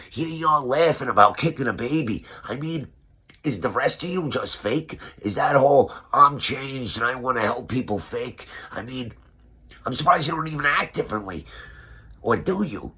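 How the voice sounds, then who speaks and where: A man's voice: medium pitch, a bit bright, slightly rough. Sarcastic New York man roasting a guest. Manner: sarcastic, mock-serious questioning. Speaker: roast host. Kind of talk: mock interview roast.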